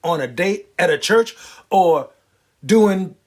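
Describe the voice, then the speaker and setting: A man delivering a wisecracking, animated stand-up comedy monologue. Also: sits high, slow. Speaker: comedian and prostate cancer survivor.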